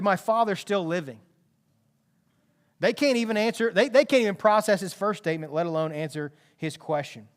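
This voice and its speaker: A man preaching a sermon as pastor, retelling a story with animated emphasis and conversational asides. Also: high voice.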